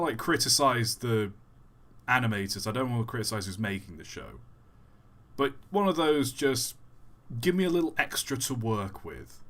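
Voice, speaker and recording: A young man streaming a game and chatting casually, rambling and correcting himself, then bursting into excited exclamations. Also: on the low side. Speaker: live streamer. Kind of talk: casual live-stream chat while gaming.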